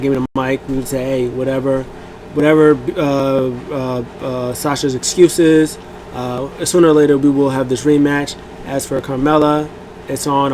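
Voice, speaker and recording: Poor audio with slight background noise carries a medium-pitched male voice. He's the host of a review show, loosely going over a wrestling event in an animated, rambling way, full of fillers and acted-out lines.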